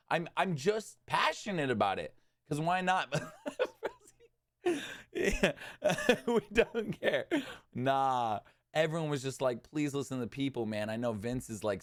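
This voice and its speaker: A young man giving an agitated, animated rant about a video game, swinging between loud outbursts and muttered asides. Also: on the high side. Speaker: gaming commentator. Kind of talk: exasperated gaming rant.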